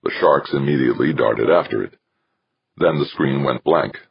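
A man narrating an audiobook in measured, scripted delivery. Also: rumbling low, creaky, husky, no echo. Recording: dull, dry lo-fi recording.

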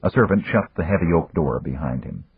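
A man narrating an audiobook with measured, even storytelling. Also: extremely low pitch, husky, no room sound. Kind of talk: scripted narration. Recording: dry, tinny phone-like audio.

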